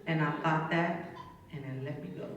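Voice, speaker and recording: A woman's voice: low-pitched, normal speed, dull audio, crowd noise. A woman gives a personal testimony to a church congregation, telling her story in a plain, vivid conversational way. She stands well away from the microphone in a strongly echoing hall. The gathered audience can be heard around her. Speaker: church member giving testimony. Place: church sanctuary. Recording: echoey room, distant mic, audience.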